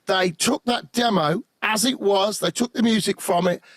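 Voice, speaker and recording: A man, a guest musician, telling lively anecdotes in an animated way on a podcast. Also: sits high, moderate pace, dry recording. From England. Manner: lively anecdotal, acts out quotes. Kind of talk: animated storytelling.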